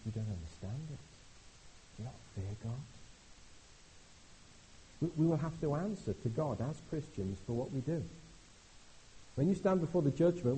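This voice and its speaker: A middle-aged man preaching an animated, conversational sermon, swinging from hushed asides to loud exclamations. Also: medium pitch, slight background noise, poor audio. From Britain. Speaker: visiting preacher.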